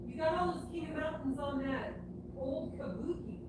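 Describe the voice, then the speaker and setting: Woman jumping in on his stories, high voice, super echoey, far from the mic. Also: steady tone, moderate pace, very noisy. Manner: chimes in to finish his stories. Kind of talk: casual chat.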